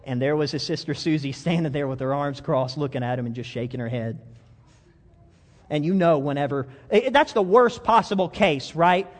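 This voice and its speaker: A man's voice: on the high side, expressive, moderate pace. A man preaching a sermon as pastor, telling stories animatedly, repeating words and chuckling, in a church sanctuary. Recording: long reverb of a big hall.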